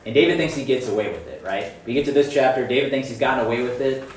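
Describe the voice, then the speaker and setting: Casual youth preacher, male, lively and chatty, mic a bit far off, echoey room. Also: mid-range voice, fast, a little hiss or hum. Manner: conversational, animated, frequent "right?" and "guys". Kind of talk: casual sermon.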